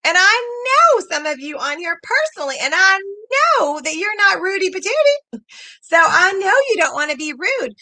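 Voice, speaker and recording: Animated high-voiced woman coaching on a livestream. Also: moderate pace, no room sound. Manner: animated, reads viewer comments aloud, acts out voices in quotes. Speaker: sales coach hosting a livestream.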